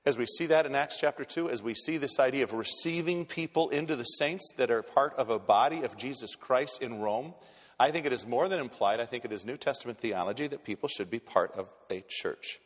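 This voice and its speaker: A man's voice: medium pitch, a little fast. A male pastor delivering a sermon in a church, speaking bluntly and conversationally and often restarting his sentences. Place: church sanctuary. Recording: long hall reverb in a church.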